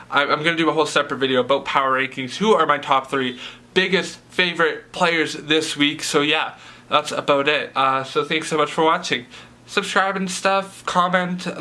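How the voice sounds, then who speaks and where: A man's voice: a little high, pushed and bright. A young man giving a casual, rambling rant about a reality TV show, filling his talk with "like" and "um". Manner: rambling, heavy use of "like" and fillers. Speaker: reality TV vlogger.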